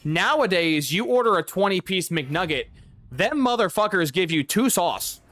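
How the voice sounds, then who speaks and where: A man's voice: high-pitched, expressive, normal speed, fairly bright tone, no echo. Profane young man ranting on stream. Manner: rambling, profane, exasperated ranting. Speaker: gaming streamer. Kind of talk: casual livestream chat.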